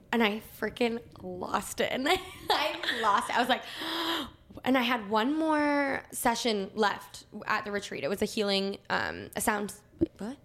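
Gushing young woman podcast co-host. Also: on the high side. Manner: gushing, excitable, says "like" often. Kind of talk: casual chat.

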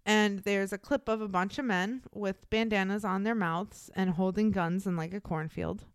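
Blunt, smooth-voiced young woman podcaster. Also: medium pitch, steady tone, normal speed, no echo, studio quality. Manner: blunt and profane, many fillers like "like". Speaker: podcast co-host. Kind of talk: casual true-crime storytelling.

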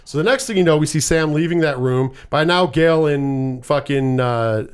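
A man with a slightly raised pitch talks through a movie plot in a loose, casual chat. He curses often and rambles, acting out the characters' lines as he goes. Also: normal speed, clean tone. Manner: profane, rambling storyteller.

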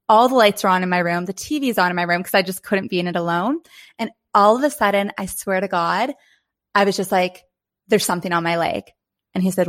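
A woman in her thirties from Canada, a podcast host telling a personal story in a casual, animated way. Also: mid-range voice. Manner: animated, rising to near-shrieks in scary moments.

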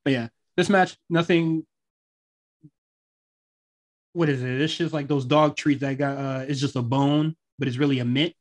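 A man's voice: mid-range voice, steady tone, moderate pace, pauses often. A man co-hosting a podcast, chatting casually about wrestling, laid-back, laughing often and swearing freely. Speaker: podcast co-host.

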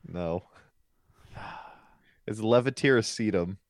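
A man's voice: lowish voice, slow pace, no room sound, studio quality. A man in his twenties co-hosting a podcast in casual chat, playfully quizzing the others. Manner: teasing quizmaster, playful. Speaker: podcast co-host.

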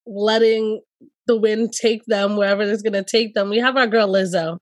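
Woman, middle pitch, animated, laughing, gushing, casual chat, dry close sound. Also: normal speed, dry recording.

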